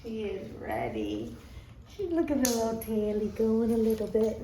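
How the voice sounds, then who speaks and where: A woman coos at her dogs in a high, swooping, drawn-out baby voice. She is filming outdoors in a park, and steady background noise runs under her voice. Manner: sing-song baby talk to her dogs. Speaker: dog owner filming an outing. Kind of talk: casual vlog chat.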